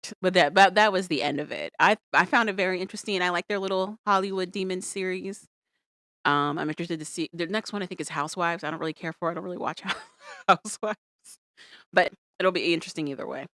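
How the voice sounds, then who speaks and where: Lively low-voiced woman recapping shows. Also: fast, dry recording, clean studio sound. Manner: animated, acts out quotes with playful voices. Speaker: podcast co-host. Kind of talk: casual recap chat.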